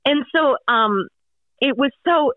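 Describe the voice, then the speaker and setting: A radio-show guest calling in by phone, this woman speaks slowly in a high-pitched voice with lively intonation. The tinny, dry line carries her rambling personal story, full of fillers and false starts.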